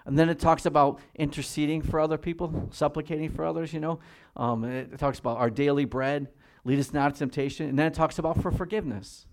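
A man preaching a sermon as pastor, reading scripture slowly and swinging between quiet, measured emphasis and loud, high-pitched exhortation. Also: steady tone. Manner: reads scripture slowly and deliberately.

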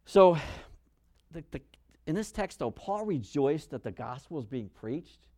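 A male preacher giving a sermon, animated, acting out Bible figures in quick voices. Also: fairly high pitch, dry recording, studio quality.

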